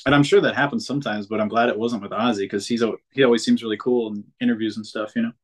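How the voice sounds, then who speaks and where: A man's voice: lowish voice, fairly even intonation, quick pace. Rambling male podcast host. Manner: rambling, filler-heavy questions. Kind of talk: casual interview chat.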